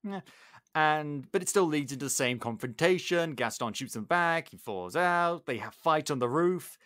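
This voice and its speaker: A man hosting a podcast, retelling a film plot in animated, jokey casual chat. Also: on the high side, normal speed, no echo, clean studio sound. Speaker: podcast host.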